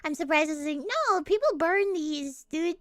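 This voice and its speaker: A woman's voice: high-pitched, moderate pace, no echo. A woman streamer in casual chat, laughing and swearing while reading comments aloud into a close desk mic.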